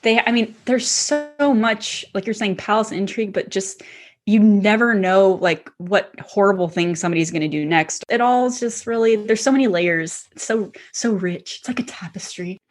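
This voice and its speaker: A woman's voice: mid-range voice, normal speed. A woman author chatting as a guest, enthusiastic and rambling, with lots of fillers and restarts. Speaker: hosts her own book podcast. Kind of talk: casual conversational interview.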